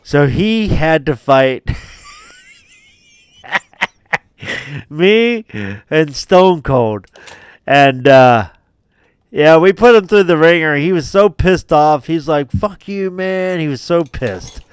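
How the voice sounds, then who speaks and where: A man's voice: a little high, expressive, takes it slowly, long pauses, clear, resonant tone, dry recording, studio quality. A man hosting a gaming video, casually telling a laid-back story with frequent laughs and free swearing. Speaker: gaming channel host.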